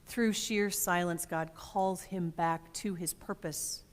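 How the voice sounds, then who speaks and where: A woman pastor delivering a reflective sermon in a church, expressive and measured, with dramatic pauses. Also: fairly low pitch. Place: church sanctuary. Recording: long church reverb.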